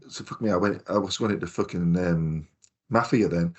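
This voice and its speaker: A man's voice: deep voice, a little fast. A man, chatting casually on a podcast and telling rambling stories with the odd swear word. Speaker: podcast co-host. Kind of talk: casual chat.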